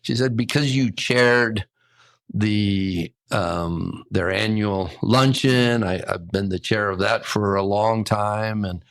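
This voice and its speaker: Older man telling a lively anecdote. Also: fairly low pitch, slow pace, no echo. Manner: lively anecdotal storyteller, acts out quotes. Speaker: hotel general manager, guest. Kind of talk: casual storytelling.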